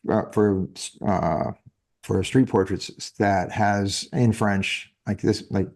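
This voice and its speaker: Rambling fifty-something man, low voice. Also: fairly even intonation, slow, gravelly. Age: 50s. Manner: rambling, self-correcting, chuckles often. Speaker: podcast host. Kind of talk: casual conversation. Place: living in France.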